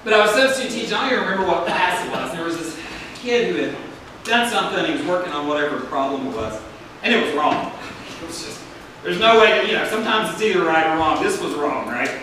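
A man's voice: fairly high pitch, very animated, quick pace, background noise. A male pastor preaching a sermon to a congregation, speaking in a preaching cadence that draws responses from the room. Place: church sanctuary. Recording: echoey hall, picked up from a distance.

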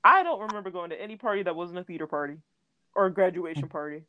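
A woman's voice: on the low side, fast, no room sound, lo-fi sound. Chatty young woman, dry sound. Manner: chatty, laughs often, many fillers like "like". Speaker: podcast co-host. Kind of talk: casual chat.

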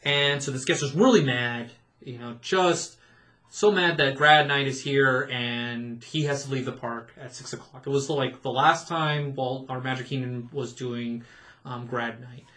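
A man in his thirties, a podcast co-host, telling stories in a casual, animated way, laughing often and acting out what people said. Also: mid-range voice, unhurried. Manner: animated, laughing storyteller who acts out quotes. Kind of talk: casual storytelling chat.

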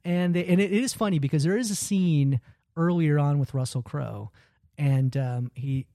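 Animated man retelling a film. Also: on the high side, moderate pace, no echo, studio quality. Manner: animated storytelling, acts out quoted lines. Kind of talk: casual chat retelling a film.

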